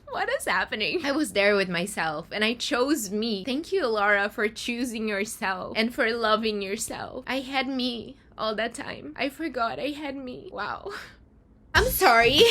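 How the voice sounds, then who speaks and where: A woman's voice: mid-range voice, fairly bright tone. A young woman talking candidly and expressively in a personal vlog, swearing casually. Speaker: vlogger. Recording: music playing underneath.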